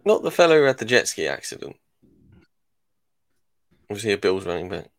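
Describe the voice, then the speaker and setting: A man's voice: lowish voice, big pitch swings, moderate pace, a bit bright, dry recording. A man co-hosting a fantasy football podcast, leading the chat with wry questions. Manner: wry, leads the segment with questions.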